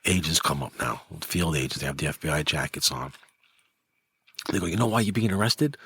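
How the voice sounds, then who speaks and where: A man's voice: a little fast, breathy edge. A middle-aged man, telling a story in casual talk and acting out the quotes in it. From New York. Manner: animated, acts out quotes with rising pitch. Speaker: guest, former mob enforcer.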